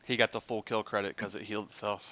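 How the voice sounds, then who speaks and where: A man's voice: fairly low pitch, steady tone, quick pace, pushed and bright, dull audio, slight background noise. A man streaming a game, chatting casually and joking as he thinks aloud. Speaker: gaming streamer. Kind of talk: casual live-stream chat.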